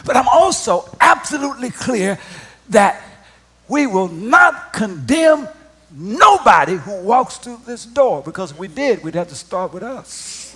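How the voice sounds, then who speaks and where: Pastor guy preaching, really high pitched, repeats himself, goes quiet then loud. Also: very animated, takes it slowly. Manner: emphatic, repeats and restarts, swings from quiet to loud. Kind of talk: sermon.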